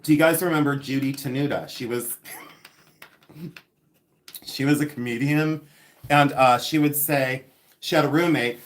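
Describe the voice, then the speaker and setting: Speaking a little slowly in a fairly high voice, this fifty-something Ohio man hosts a vintage jewelry livestream. He talks casually with viewers, rambling along and laughing often.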